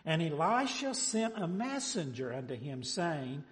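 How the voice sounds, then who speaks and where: A man preaching a sermon, emphatic, quizzing his listeners and dropping low on each amen. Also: big pitch swings, measured pace, hardly any pauses. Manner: emphatic, asks the congregation questions, drops low on amens. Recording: long hall reverb.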